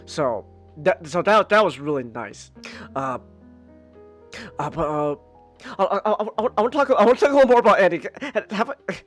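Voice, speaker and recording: A man's voice: high voice, lively intonation, moderate pace, long pauses, faint music behind. A man hosting a live podcast, chatting casually about a movie he liked, rambling with many restarts and fillers. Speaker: podcast host. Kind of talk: casual movie review chat.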